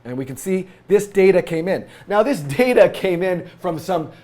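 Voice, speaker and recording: A man with a slightly high, scratchy voice from a cold talks through a coding tutorial. He thinks aloud as he works, with many fillers and restarts. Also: lively intonation, normal speed, darkish tone.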